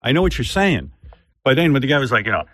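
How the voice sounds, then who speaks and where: A man's voice: medium pitch, fast talker, no echo. An older man, a radio host, telling a long rambling story in casual chat on a studio mic. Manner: rambling, animated, mimics others' voices in quotes. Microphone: studio microphone.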